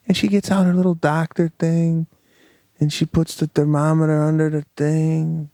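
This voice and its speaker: A middle-aged man co-hosting a comedy podcast, telling animated stories about his family in a casual chat. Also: a little high, moderate pace, vocal fry, dry recording, clean studio sound. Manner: animated storytelling, acts out family members.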